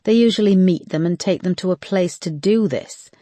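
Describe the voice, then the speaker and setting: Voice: medium pitch, normal speed, mellow, no echo, pitched above the performer's own voice, close to an everyday voice. An audiobook narrator voicing a no-nonsense female detective chief who speaks curtly and firmly. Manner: curt, firm.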